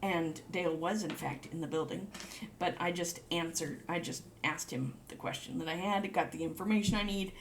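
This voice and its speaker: Rambling woman, high gushing over cute things. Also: normal speed, a little hiss or hum. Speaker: vlogger. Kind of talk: casual show-and-tell chat.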